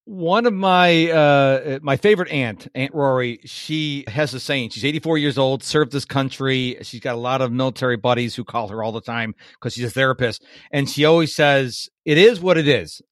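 A man's voice: medium pitch, moderate pace, few pauses, a bit bright, dry recording, studio quality. A man hosting his podcast, upbeat and enthusiastic, laughing readily as he talks. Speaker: podcast host. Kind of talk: conversational podcast interview.

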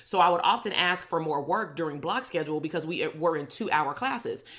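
A middle-aged woman from Compton tells stories from her own life in a loose, casual way. Her voice sits a little low. She is blunt and sarcastic, and she swears freely as she goes. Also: expressive, fairly quick, a bit bright. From Compton, Los Angeles. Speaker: podcast host, clinical psychologist. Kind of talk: casual storytelling monologue.

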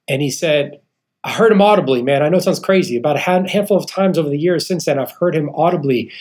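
A man's voice: a little high, quick pace. A man in his thirties, a podcast guest, telling an earnest personal testimony and acting out the people in his story. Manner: earnest storyteller, acts out quoted people, calls the host "man". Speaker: guest, real estate founder.

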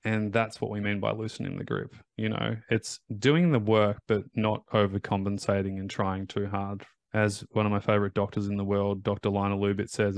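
A man's voice: fairly low pitch, little pitch movement, normal speed, dry recording. A man hosting a podcast as a recovery coach, talking in an emphatic, motivational way and repeating his key phrases.

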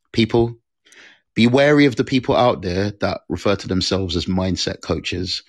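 A man hosting a live audio room, talking casually and rambling, full of fillers and quick impressions. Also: deep voice, fairly bright tone, no echo, clean studio sound. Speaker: host of a live audio room, NLP practitioner.

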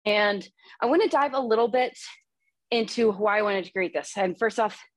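A woman in her thirties hosting a podcast in a casual, energetic monologue, candid and swearing freely, a little out of breath. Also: medium pitch, normal speed, no room sound. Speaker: podcast host and coach.

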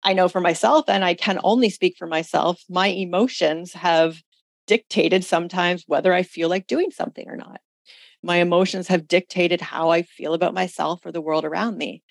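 A woman hosts a coaching call, steering her listeners through reflective exercises at an easy pace. Her voice sits low and carries a gravelly fry. The sound is dry and close, with no room around it. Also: steady tone, normal speed, dry recording. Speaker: host leading a women's community call. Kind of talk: coaching talk on a group call.

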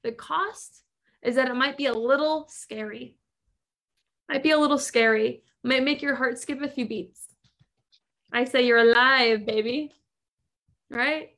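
High-pitched and fairly bright, her voice moves unhurriedly with frequent pauses. She's a podcast host and business coach giving listeners an emphatic motivational monologue filled with repetition and rhetorical questions.

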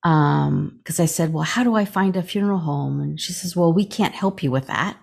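A middle-aged woman, a chaplain guesting on a podcast, telling a personal story in a halting way with many pauses and restarts while acting out the dialogue. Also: deep voice, gravelly, darkish tone, slightly rough. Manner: halting retelling, many fillers and restarts, acts out quoted dialogue.

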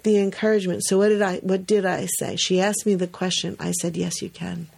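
A woman's voice: mid-range voice, brisk, vocal fry. A woman hosting a podcast in casual chat, telling a story with lots of laughs and acting out the quotes. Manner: lively storyteller, acts out quotes, laughs often. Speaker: podcast host.

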